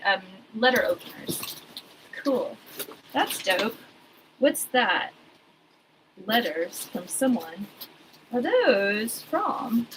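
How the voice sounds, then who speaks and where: Woman, 40s, casual vlogger, rambling with wry asides, clear background noise on the recording. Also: high-pitched. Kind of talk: casual chat while sorting old papers.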